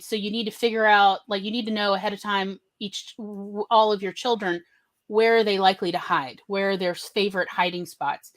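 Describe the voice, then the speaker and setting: A woman's voice: mid-range voice, a bit bright. A woman co-hosting a casual podcast chat, telling family stories and acting out the voices of relatives she quotes. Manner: storytelling, acts out quoted relatives in shifting voices. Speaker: podcast co-host.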